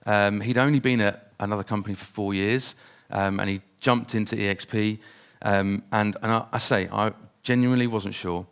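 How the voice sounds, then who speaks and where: Smooth-voiced upbeat male conference host. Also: fairly low pitch, steady tone, moderate pace, hardly any pauses. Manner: upbeat, chatty hype-man delivery. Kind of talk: stage introduction. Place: conference stage.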